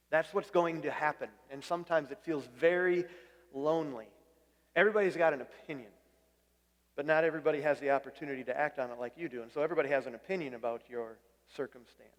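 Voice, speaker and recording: This pastor's sermon is conversational: he keeps restarting his phrases with repeated words and asks the congregation questions. His fairly high voice moves fairly quickly, and the recording has a big-room sound.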